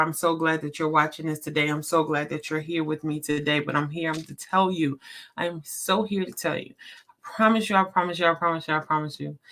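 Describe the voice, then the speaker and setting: A woman's voice: sits low, bright, forceful tone. A middle-aged woman hosting a casual livestream, upbeat and repetitive, talking straight to her viewers. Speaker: host, business coach.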